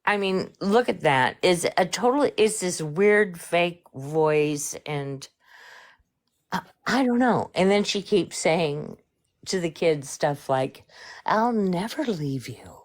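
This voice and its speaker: A woman speculating in a slow, suspicious way during a casual live stream chat. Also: on the low side, animated.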